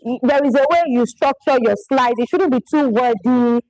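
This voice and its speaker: A woman's voice: high-pitched, moderate pace, mellow, dry recording, low-quality recording. A woman giving a live public speaking workshop, talking emphatically and often repeating phrases for effect. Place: presentation venue in Lagos.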